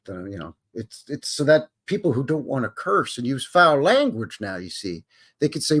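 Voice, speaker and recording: A man's voice: medium pitch, sing-song, moderate pace, a bit bright. A man with a Canadian accent hosting a live stream, greeting his chat in a jokey, folksy way. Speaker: livestream host.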